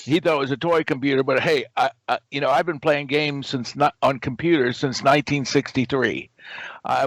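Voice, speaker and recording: An older man with a voice of middling pitch tells his story in an animated, theatrical way. He acts out every quoted line. The sound is close and dry, with no room around it. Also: no echo, poor audio. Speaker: guest, game company founder. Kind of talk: anecdotal storytelling.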